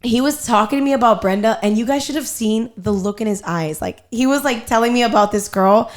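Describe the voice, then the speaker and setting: A young woman hosting a podcast, telling a family story in a casual, animated way and swearing freely. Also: a little high, a little fast. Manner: animated, profane storyteller, quotes herself and others. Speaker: podcast host.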